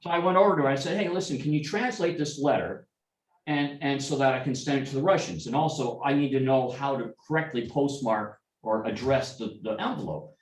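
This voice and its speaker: A man's voice: mid-range voice, brisk. A middle-aged man telling rambling, anecdotal stories at an informal club meeting, with many restarts and asides. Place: meeting room. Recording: echoey room, speaker far from mic.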